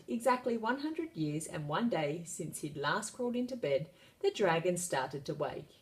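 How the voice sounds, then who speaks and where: A woman reads a children's picture book aloud with lively, expressive narration. Her pitch swoops up and down as she tells the story. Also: normal speed.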